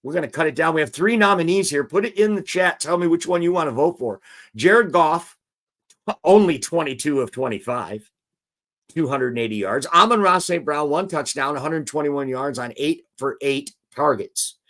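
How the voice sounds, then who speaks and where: A man's voice: a little high, moderate pace, fairly bright tone. Chatty male football show host. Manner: chatty, reads viewer comments aloud. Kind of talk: live-stream football commentary.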